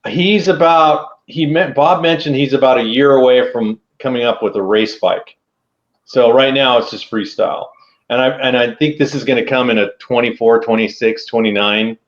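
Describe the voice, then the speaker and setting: A man hosting a casual podcast chat, easygoing, with quick short reactions. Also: mid-range voice. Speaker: podcast host. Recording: slightly dull lo-fi sound.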